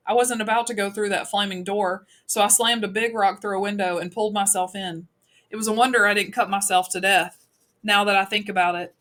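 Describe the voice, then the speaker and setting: Woman audiobook narrator, brisk first-person storytelling. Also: medium pitch, steady tone, a bit bright. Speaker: audiobook reader.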